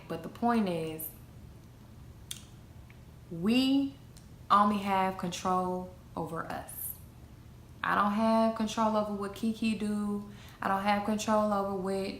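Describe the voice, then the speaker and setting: A young adult woman giving an emphatic motivational talk about self-esteem, repeating her key phrases like a preacher. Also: mid-range voice. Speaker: motivational vlogger. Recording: echoey room, faint noise.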